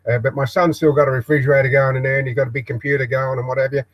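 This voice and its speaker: A man's voice: mid-range voice, level tone, poor audio. Older Australian man rambling hesitantly. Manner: hesitant, halting, many ums and restarts. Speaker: live stream host. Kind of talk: rambling live broadcast monologue. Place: backyard shed office.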